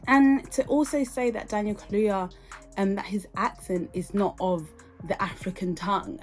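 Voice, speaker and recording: A woman's voice: medium pitch, a little mellow. A woman with a British accent, from the UK, hosting a reaction podcast and firing off indignant rhetorical questions. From United Kingdom. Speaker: podcast host.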